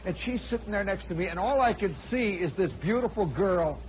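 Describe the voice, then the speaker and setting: A man in his forties, a radio host telling a comic personal story in an animated way, now and then shouting for effect. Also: sits high, moderate pace, poor audio. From United States. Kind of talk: spoken storytelling monologue. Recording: old radio broadcast with faint crowd and noise.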